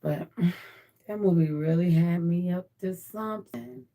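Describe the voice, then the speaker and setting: A woman talks slowly and thoughtfully on a livestream, circling back over the same points as she muses. Her voice sits a little low and carries a gravelly edge. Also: warm tone. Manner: unhurried, musing, repeats her points. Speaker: livestream host. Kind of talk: casual reflective livestream talk.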